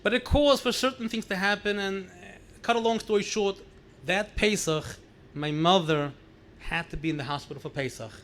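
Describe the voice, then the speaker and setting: A man's voice: high voice, moderate pace. A man in his sixties with a New York accent, a rabbi telling stories at a gathering, acting out the dialogue and mixing in Yiddish phrases. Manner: animated, acts out dialogue, mixes in Yiddish phrases. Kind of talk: storytelling talk at a gathering.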